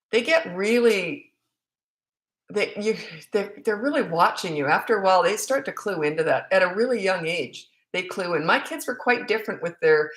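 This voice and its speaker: A woman's voice: lowish voice, fairly bright tone. A woman in her fifties, a parenting coach answering questions with emphatic, repetitive advice and some self-mocking laughter. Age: 50s. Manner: emphatic, repeats key advice, laughs at herself. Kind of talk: live Q&A advice. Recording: roomy echo.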